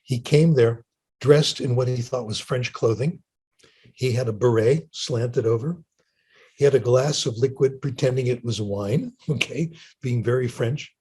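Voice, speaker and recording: A man's voice: mid-range voice, unhurried, a little mellow, slightly rough. An older man giving a lecture and answering audience questions, chatty and storytelling, often asking "okay?". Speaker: linguist giving a talk.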